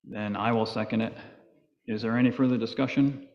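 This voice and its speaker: A man's voice: medium pitch, fairly even intonation, a little fast. Man chairing a town board meeting. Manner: procedural, thinks aloud with fillers. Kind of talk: public meeting discussion. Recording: echoey hall, dull lo-fi sound.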